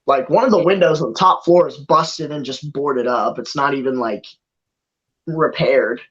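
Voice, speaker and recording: A game master narrating a tabletop game in a laid-back way, laughing often and dropping into quick character voices. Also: medium pitch. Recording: dull lo-fi mic.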